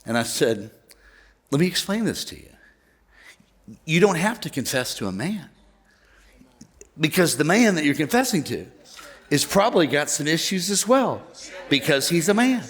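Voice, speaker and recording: A male pastor preaching a sermon to his church, animated, joking and conversational. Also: a little high, moderate pace, pauses often. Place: church auditorium.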